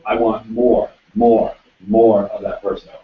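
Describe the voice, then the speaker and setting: Low-voiced man coaching guitar, roomy distant sound. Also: flat delivery, measured pace, gravelly, narrow, tinny audio. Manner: direct, coaching, repeats instructions. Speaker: guitar teacher. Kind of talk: one-on-one music lesson.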